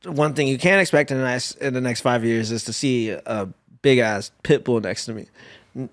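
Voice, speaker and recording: A man's voice: mid-range voice, normal speed. A young man from the United States, a guest athlete in a casual chat, telling stories in a laid-back, slang-heavy way with easy laughs.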